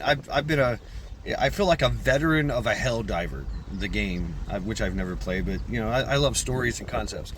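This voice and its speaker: Male vlogger, plain mid voice, rambling and profane, recorded outside over clear background noise. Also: medium pitch, a bit bright. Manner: rambling, profane, repeats words. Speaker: channel creator. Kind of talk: casual vlog monologue.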